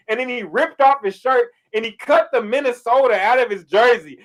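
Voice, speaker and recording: A man co-hosting a casual sports podcast, animated, with loud outbursts and heavy swearing. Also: very high voice, moderate pace, hardly any pauses. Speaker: podcast co-host.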